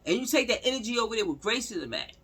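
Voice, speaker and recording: A woman's voice: on the high side, rapid-fire, slightly rough. A woman giving blunt, slangy true-crime commentary straight to her viewers, repeating phrases for emphasis. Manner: talks straight to viewers, animated. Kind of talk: casual spoken commentary.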